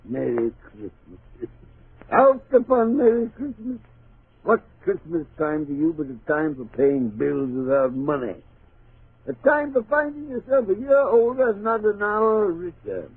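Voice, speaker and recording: Raspy old cheapskate, high cracking voice swinging all over, tinny old radio sound. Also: male voice, expressive, normal speed, no echo. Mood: scornful. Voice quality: raspy, snarling. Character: miserly bitter old man Scrooge. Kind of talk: 1940s radio acting.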